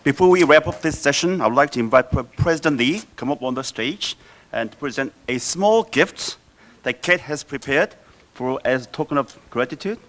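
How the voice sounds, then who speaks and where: A man's voice: mid-range voice, animated, normal speed, a bit bright, slight background noise. Man moderating a conference session. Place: conference hall.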